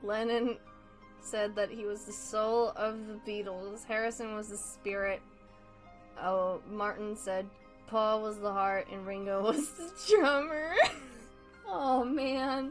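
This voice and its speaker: A woman chats with her stream audience while she draws. Her voice sits fairly high, and she talks at a slow, unhurried pace. She giggles often, swears in passing and apologizes a lot, with faint music in the background. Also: low-quality recording. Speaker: livestreamer drawing for chat. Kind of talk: casual livestream chat.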